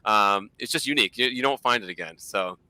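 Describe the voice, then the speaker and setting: Fast-talking man with a Boston accent. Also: fairly low pitch, sharp tone, no echo. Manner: rambling, with many fillers. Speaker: guest collector. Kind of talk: casual chat.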